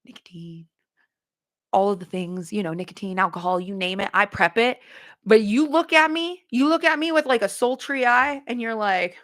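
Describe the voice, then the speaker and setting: A joking, animated woman chats with her livestream viewers, calling them y'all. Her voice sits a little high. She bounces from one tease to the next. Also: normal speed. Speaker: livestream host. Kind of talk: casual livestream chat with viewers.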